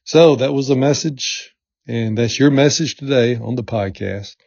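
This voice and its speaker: Middle-aged male podcast host, mellow dark tone, earnest repetitive coaching, muffled lo-fi sound. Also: mid-range voice, unhurried, gravelly, breathy edge, no room sound. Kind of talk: motivational podcast talk. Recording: dull lo-fi sound.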